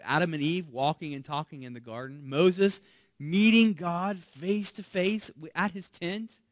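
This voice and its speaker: A man pastor preaching a sermon conversationally, often asking "right?". He grows loud and animated when voicing pleas and drops to a hush on key words. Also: fairly high pitch, no echo.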